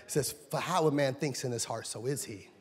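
A man pastor preaching a sermon, swinging between loud shouted lines and low quiet asides. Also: brisk. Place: church sanctuary. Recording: long reverb in a large church hall.

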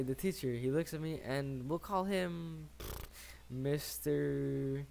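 A man's voice: medium pitch, slow pace, vocal fry, long pauses. A young man in his late teens telling a casual story, rambling and slangy, swearing often and tagging his sentences with "right?".

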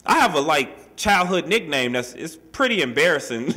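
A man's voice: a little high, moderate pace. A man telling a personal story to an audience in a casual, street-style way, full of "you know" and "man", acting out the voices in it. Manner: animated, acts out quoted voices. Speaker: speaker sharing his life story at a workshop.

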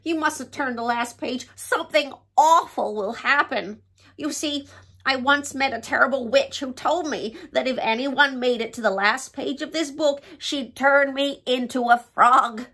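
A woman's voice: high-pitched, unhurried, pushed and bright. A woman reading a picture book aloud in a dramatic, pleading, playful way, as the host of a storytime channel.

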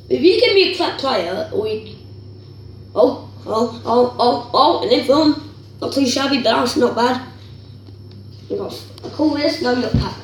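A woman hosting a gaming video, chatting casually and rambling, and breaking into excited squeals over what she gets. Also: sits high, reverberant, recorded from a distance, slight background noise, rough recording. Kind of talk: casual pack-opening commentary.

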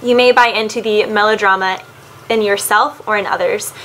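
A woman's voice: medium pitch, steady tone, moderate pace, fairly bright tone, slight background noise, low-quality recording. A woman giving a casual spoken tarot card reading, earnestly advising the listener and often addressing them by their zodiac sign.

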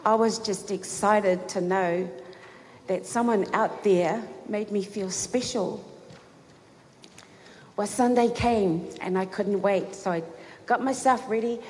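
Excited woman telling a story in a reverberant hall. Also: medium pitch, slow pace, pauses often. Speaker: eulogy speaker. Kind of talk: personal story at a funeral. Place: funeral service hall. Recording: reverberant hall, faint background noise.

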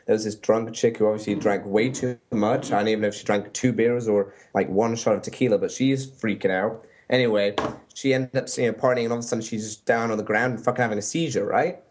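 A young man co-hosting a podcast, telling stories in casual chat with lots of swearing and animated voices for other people. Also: lowish voice, fast talker, slight background noise. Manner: profane, animated storytelling with voiced bits. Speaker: podcast co-host.

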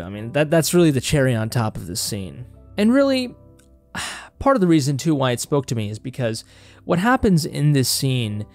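A young man hosting a casual film analysis vlog, talking in an animated, rambling way and swearing casually. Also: on the high side. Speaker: film reaction host.

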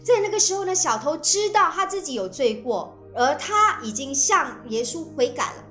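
A woman interpreting a sermon phrase by phrase with expressive phrasing. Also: high voice, moderate pace, roomy sound, soft background music.

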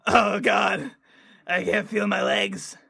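A man putting on a squeaky, pleading, mock-desperate voice. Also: level tone, takes it slowly, gravelly, pushed and bright, husky, full character voice.

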